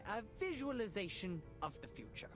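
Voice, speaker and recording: A man's voice: high-pitched, big pitch swings, moderate pace, over music. An actor voicing a smug, theatrical male art exhibit host who speaks in a flamboyant, teasing way.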